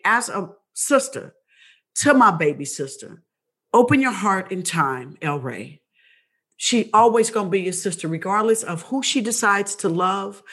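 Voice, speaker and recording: A woman's voice: medium pitch, fairly bright tone. A woman hosting a talk show, speaking earnestly and directly. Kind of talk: casual talk-show conversation.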